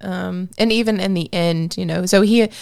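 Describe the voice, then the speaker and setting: A woman's voice: lowish voice, moderate pace, vocal fry, clear, resonant tone, no room sound, clean studio sound. Laughing woman chatting about a movie. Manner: laughs often, animated retelling of scenes. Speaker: podcast co-host. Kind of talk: casual movie review chat.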